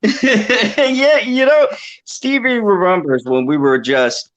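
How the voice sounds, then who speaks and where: A man's voice: high-pitched, takes it slowly, a bit bright. A man hosting a casual panel podcast, impassioned, laughing often and swearing freely. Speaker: podcast host. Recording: dull lo-fi call audio.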